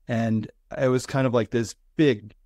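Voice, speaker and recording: A man's voice: mid-range voice, fairly even intonation, unhurried, a little mellow, no room sound, clean studio sound. A middle-aged man, a business consultant guest on an interview podcast, earnestly and reflectively recounting lessons in short, building phrases. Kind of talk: conversational interview storytelling.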